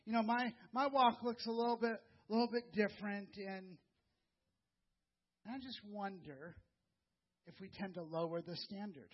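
High-voiced earnest male preacher. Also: fairly even intonation, moderate pace, pauses often, highs cut off. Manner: conversational, earnest, repeats words, drops to soft low tones for emphasis. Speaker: pastor. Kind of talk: sermon.

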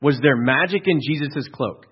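A man's voice: fairly high pitch, moderate pace, breathy edge. A male pastor giving a sermon in a conversational, storytelling way, asking his listeners rhetorical questions. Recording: dull lo-fi recording.

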